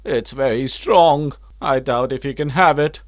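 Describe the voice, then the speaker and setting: A man dubbing the role of an excitable young man with a comic manner in a film. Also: medium pitch, a little slow, no room sound, natural voice. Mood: excited. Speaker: dubbing actor. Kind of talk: dubbed film dialogue.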